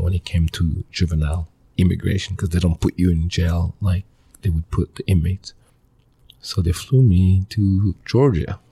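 Gravelly low-voiced man. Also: a little mellow. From Mali. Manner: earnest, halting, with many restarts and short fragments. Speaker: interview guest, former pro soccer player. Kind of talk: personal storytelling in a conversational interview.

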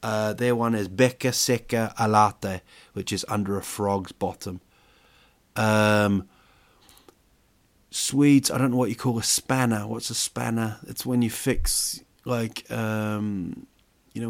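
Male podcast host, lowish voice, loose jokey rambling delivery. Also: fairly even intonation, slow. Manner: chatty, jokey, rambling with fillers. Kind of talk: casual monologue.

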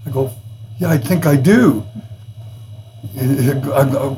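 A man's voice: medium pitch, takes it slowly, a little hiss or hum, low-quality recording. A man, a rock musician telling stories as a guest in an interview, acting out other people's lines and swearing freely. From Canada. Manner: animated storyteller who acts out quotes in different voices and swears freely. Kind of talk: storytelling in a podcast interview.

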